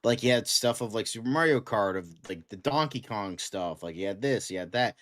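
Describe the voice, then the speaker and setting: Animated man gushing in casual chat. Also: on the low side, brisk. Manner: animated, excitable, many fillers like "like". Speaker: co-host.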